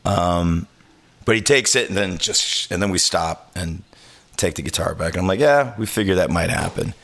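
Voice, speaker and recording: A man's voice: low-pitched, expressive, moderate pace, fairly bright tone. A man hosting a podcast, telling a road story in casual chat, acting out quotes and swearing freely. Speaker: podcast host.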